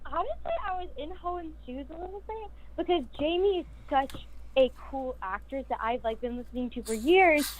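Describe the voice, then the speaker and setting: A voice actress guest talking excitedly and upbeat in a casual chat. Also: female voice, high voice, moderate pace, poor audio.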